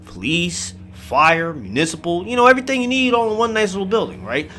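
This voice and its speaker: A man's voice: high-pitched, a little fast, slight background noise. A man telling a scary story in a casual, profane way, swearing often and acting out the scenes. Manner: animated, swears constantly, acts out the scenes. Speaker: horror storyteller.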